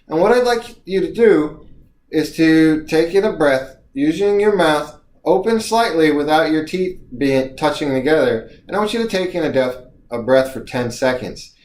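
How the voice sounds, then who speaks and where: A man's voice: a little high, darkish tone, echoey room. A man coaching viewers through breathing exercises in an encouraging, instructional way. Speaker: speaking coach. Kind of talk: instructional video lesson.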